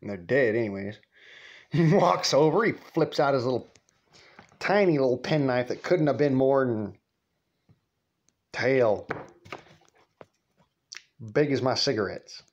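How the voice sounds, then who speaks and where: A man's voice: medium pitch, slow pace, pauses often. A man casually telling a personal anecdote, rambling and digressing with profanity and chuckles. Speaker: storyteller. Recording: muffled lo-fi recording.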